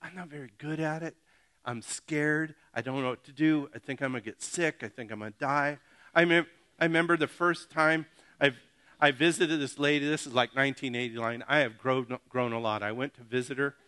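A man's voice: mid-range voice, pushed and bright. A middle-aged male pastor giving a casual, joking sermon that often addresses the congregation directly.

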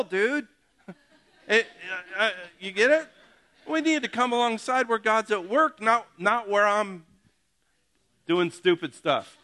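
A middle-aged man preaches in a loose, conversational way, cracking jokes and checking in with his congregation. His voice sits a little high and sounds bright and forward. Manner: joking, animated, talks to the congregation directly. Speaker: pastor. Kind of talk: casual conversational sermon.

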